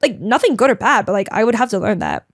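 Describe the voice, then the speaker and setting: A chatty, dramatic young woman telling a casual vlog story, full of "like" and quick asides. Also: mid-range voice, sing-song, dry recording, clean studio sound. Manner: chatty and bubbly, heavy use of "like", dramatic; talks a lot, emotional. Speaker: vlogger.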